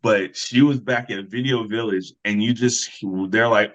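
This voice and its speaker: A man's voice: on the low side, a little slow. A man in his thirties, an actor and fight coordinator, chatting casually in a podcast interview and telling stories with acted-out voices. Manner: relaxed storyteller who acts out other voices. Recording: slightly dull lo-fi sound.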